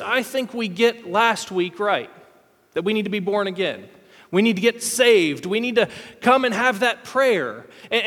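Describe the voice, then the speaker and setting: A man's voice: high-pitched, fairly bright tone. A male pastor in his thirties giving a sermon in a church, talking candidly and casually with some self-deprecating humor. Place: church hall. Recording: long reverb of a large hall.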